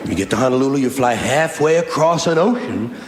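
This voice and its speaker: A man riffs sardonically through an observational bit, his pitch leaping around lively. The sound is roomy with a long hall tail. Clear background noise sits under the voice. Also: fairly quick. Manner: sardonic, repetitive, riffing observational delivery. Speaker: stand-up comedian. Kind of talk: stand-up routine. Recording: echoey live hall recording with background noise.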